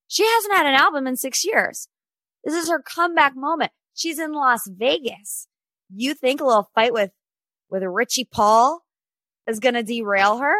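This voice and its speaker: A woman's voice: high-pitched, lively intonation, moderate pace, a bit bright, no room sound. A woman in her twenties hosting a casual pop culture podcast, chatty and opinionated. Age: 20s. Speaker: podcast host.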